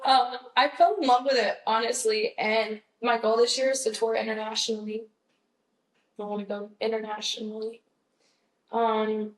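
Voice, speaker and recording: A young woman from Georgia with a Southern accent, telling stories in an upbeat, chatty interview with lots of fillers. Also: medium pitch. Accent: Southern American. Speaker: guest musician. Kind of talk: casual interview chat. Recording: roomy, slightly distant mic.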